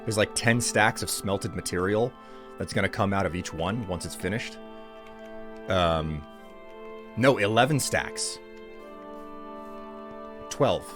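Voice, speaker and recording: A man streaming himself gaming, chatting in a relaxed, rambling way that often corrects itself. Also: low voice, slow, pauses often, music in the background. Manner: rambling, self-correcting, chuckling. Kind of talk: laid-back live-stream chat while gaming.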